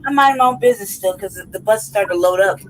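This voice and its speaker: Soft music plays behind a rough recording of a woman with a mid-range voice talking fast. She's a podcast host laughing through a rambling, profane story in easygoing chat, constantly adding "right?" and "you know what I mean?"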